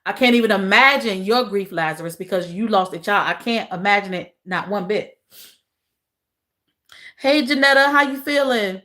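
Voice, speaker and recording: Woman, livestream host; casual chat with viewers, soft and emotional, repeats lines. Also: mid-range voice, moderate pace. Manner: repeats phrases, talks to chat as y'all.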